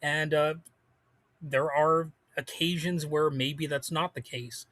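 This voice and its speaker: A man's voice: on the high side, fairly even intonation, takes it slowly, a bit bright, no room sound. A man hosting a solo podcast, rambling casually with lots of fillers and restarts, blunt and prone to swearing. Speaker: podcast host.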